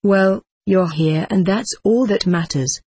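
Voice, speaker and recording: A woman reading the lines of an amused, friendly male starship crewman in a spoken story, with a breathy edge and close, dry sound. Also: medium pitch, slow pace, a little mellow, no echo, exaggerated voice. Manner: emphatic, commanding.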